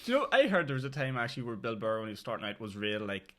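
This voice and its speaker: A man's voice: mid-range voice, big pitch swings, very fast, bright, forceful tone. A man with a Northern Irish accent hosting a podcast in casual chat, swearing freely. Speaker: podcast host.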